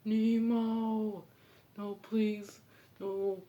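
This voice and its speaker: A man voicing a frantic, overprotective male clownfish father, yelling and pleading in a strained high voice. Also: flat delivery, very slow, highs cut off. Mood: desperate.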